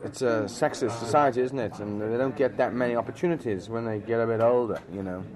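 A man's voice: mid-range voice, fairly even intonation, fast. An actor answering interview questions frankly and chattily in a busy restaurant, restarting his words and leaning on "you know". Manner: chatty, frank, repeats words when starting, fills gaps with "you know". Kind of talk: relaxed conversational interview. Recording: loud crowd chatter behind.

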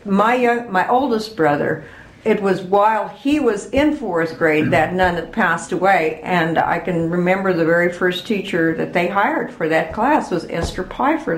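Older woman, oral-history interviewee, warm chatty recall, roomy echo. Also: fairly low pitch, a little hiss or hum. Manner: chatty, reminiscing with laughs.

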